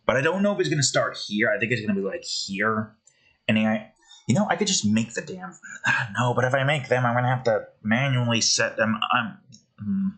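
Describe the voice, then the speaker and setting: A man's voice: mid-range voice, pushed and bright, low-quality recording. A man, a game developer, thinking aloud as he builds, muttering hesitantly and questioning himself.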